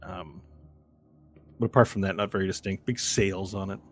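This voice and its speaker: A man's voice: low voice, fairly even intonation, moderate pace. A man narrating a tabletop game as game master, in a loose, rambling way with fillers and sound effects.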